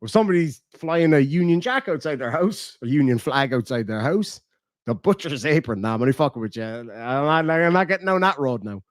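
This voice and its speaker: A man's voice: a little high, expressive, fairly quick, dry recording, studio quality. A man with a southern Irish accent chatting casually on a livestream, blunt and profane. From Ireland. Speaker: streamer.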